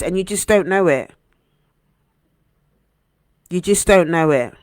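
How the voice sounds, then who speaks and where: A woman hosting a heartfelt motivational live stream as a coach, earnest and gentle, repeating phrases for emphasis. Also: on the low side, slow pace, pauses often, no room sound, studio quality. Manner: gentle, encouraging.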